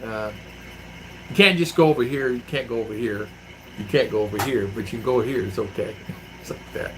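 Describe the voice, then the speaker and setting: Speaking briskly at a medium pitch over background noise, a man living abroad reads comments from his livestream chat. He rambles through his stories casually and acts out the quotes within them.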